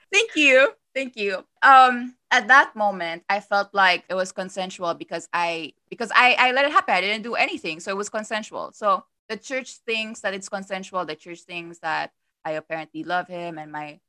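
Young woman guest, candid and hesitant, bright voice in a dry, close sound. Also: mid-range voice, expressive, no echo. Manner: halting, hesitant, many fillers. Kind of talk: candid personal storytelling.

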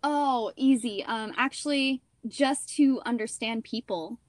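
A woman's voice: a little high, unhurried, no echo. Chatty young woman actor with a dry sound. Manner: chatty, animated, heavy use of "like" and "you know". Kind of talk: casual interview storytelling.

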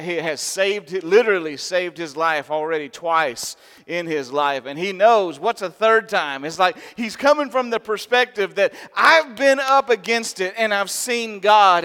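A man preaching a sermon, telling a story in an animated, humorous way. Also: high-pitched, clear, resonant tone. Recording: long reverb in a large hall.

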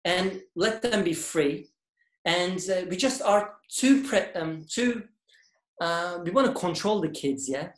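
A man speaking in a casual discussion, halting and often repeating and restarting words. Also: high voice, lively intonation. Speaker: guest speaker. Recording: echoey room.

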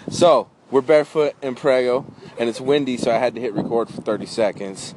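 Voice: mid-range voice, steady tone, moderate pace. A speaker recording a loose, joking voice memo outdoors on a windy beach. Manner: joking, loose, laughing between phrases.

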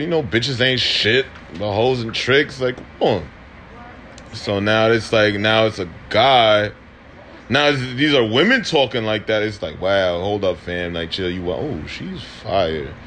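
A man's voice: fairly low pitch, a bit bright, a little hiss or hum. A young man hosting a podcast, ranting casually with lots of slang and swearing, laughing often. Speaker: podcast host. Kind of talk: casual opinion rant.

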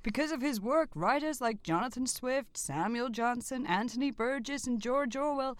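A man voicing a benign female deity in a put-on accent, speaking slowly and solemnly in a comedy sketch. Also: extremely high pitch, fairly bright tone, smooth, no room sound.

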